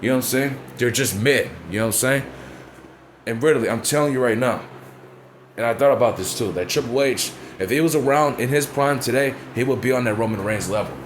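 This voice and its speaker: This man speaks at a medium pitch and a brisk clip, with a bit of noise behind him. He's a wrestling commentator vlogger on a casual opinion rant, swearing bluntly and often checking whether you know what he's saying.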